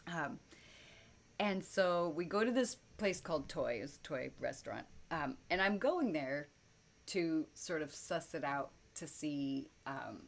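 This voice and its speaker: A woman's voice: deep voice, animated, unhurried, gravelly. A woman telling a personal story to camera in a casual, rambling way, with many fillers and frequent laughs. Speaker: vlogger telling personal stories. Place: indoors at home, lit by light bulbs.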